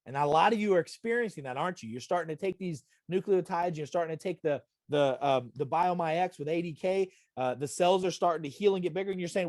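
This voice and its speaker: A middle-aged man gives a live wellness talk over a video call, pressing each point home and checking in with "okay?" again and again. His voice sits a bit high for a man. The sound is close and dry, with no room around it. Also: fast talker, few pauses, a little mellow, dry recording. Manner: emphatic, repetitive, direct address with frequent "okay?". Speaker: wellness presenter. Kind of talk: live online health talk.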